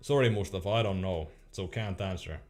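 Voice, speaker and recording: A man's voice: low-pitched, fairly quick, faint music behind. A young man streaming casually, reading chat questions aloud in a laid-back way and laughing often.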